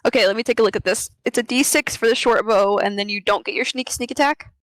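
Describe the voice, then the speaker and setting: A woman's voice: fairly high pitch, fast, fairly bright tone, no echo. Woman helping run a tabletop game. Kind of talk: casual tabletop chat.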